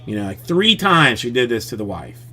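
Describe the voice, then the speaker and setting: A man's voice: mid-range voice, sing-song, normal speed, pushed and bright, breathy edge, faint music behind. A man hosting a live stream in casual chat, telling a family story in a rambling way, full of restarts and fillers.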